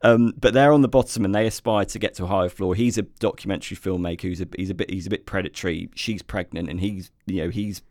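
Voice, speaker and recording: Deep-voiced British man reviewing films. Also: fast, hardly any pauses, no room sound, studio quality. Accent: British English. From Britain. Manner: hesitant, many fillers and restarts, lively when enthused. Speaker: podcast co-host, film reviewer. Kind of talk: casual film discussion podcast.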